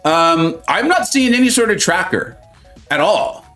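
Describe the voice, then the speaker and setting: A man's voice: high voice, sing-song, unhurried, sharp tone, faint music behind. A man hosting a live mobile-game stream, chatting and joking with viewers, reading their comments aloud and laughing often.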